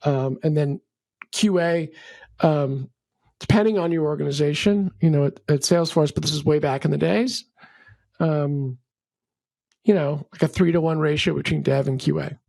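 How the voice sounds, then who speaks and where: A middle-aged man speaks as a guest on an interview show, laying out his views with a gravelly edge to his voice. The sound is dry and close, with no room around it. He is opinionated and drifts into ranting. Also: a little high, normal speed, no echo. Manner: animated storyteller, acts out quotes, ranty. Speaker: venture capital partner, guest. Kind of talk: conversational interview, opinionated explaining.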